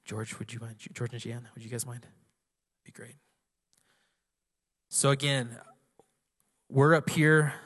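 A man pastor preaching a sermon to his congregation, swelling into loud, passionate declarations and then easing into storytelling. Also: mid-range voice, long reverb tail. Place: church sanctuary.

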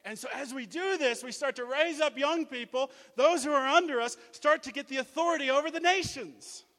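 A man from Australia preaching a sermon, energetic and jokey, telling stories and acting out what people said. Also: extremely high pitch, a little fast, big-room sound. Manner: energetic, animated, jokey, acts out quotes. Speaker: guest preacher, mission leader. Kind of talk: sermon with storytelling. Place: church.

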